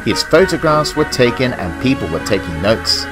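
A man narrating a children's storybook tale about engines in a gentle, expressive way. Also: medium pitch, normal speed. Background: music.

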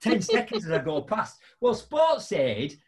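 Lively, high-voiced storytelling man. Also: a little slow. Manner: animated, laughing storyteller with big pitch jumps. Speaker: podcast host. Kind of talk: casual storytelling chat.

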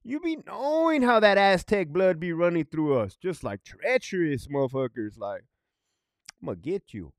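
A former prison guard tells stories in a casual monologue, his voice high and very animated at a moderate pace with few pauses. He's profane and emphatic, often checking in with "right?", and the studio sound is clean with no echo.

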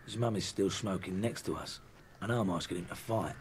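An actor giving film voice-over as a narrator, telling the story in a dry, matter-of-fact way. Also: male voice, sits low, a little fast, very noisy, close to an everyday voice. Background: loud film score.

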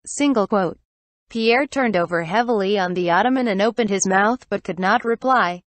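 A woman narrating a classic novel as an audiobook, in an even, steady way that reads the punctuation aloud. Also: medium pitch, moderate pace, no room sound.

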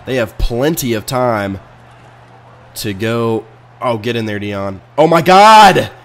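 A man casually commenting on his own video game match, excitable and swinging between low muttering and sudden loud outbursts. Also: takes it slowly. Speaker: video game player and channel host. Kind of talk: casual let's-play commentary.

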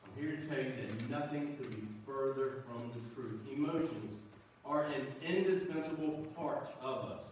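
A man's voice: mid-range voice, normal speed, slight background noise. A man preaching a sermon as pastor, folksy and joking, calling out to the congregation. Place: church sanctuary. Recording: echoey church hall, mic from a distance.

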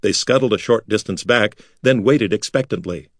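A man reading a fantasy novel aloud as an expressive audiobook narrator. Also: on the low side, moderate pace, dry recording, studio quality. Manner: lively, expressive storytelling.

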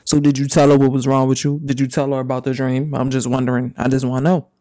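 Guy reading out messages and reacting, cussing, slow "damn"s, warm low tone, dead dry sound. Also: level tone, no echo. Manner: casual, profane, drawn-out reactions. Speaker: commentary YouTuber.

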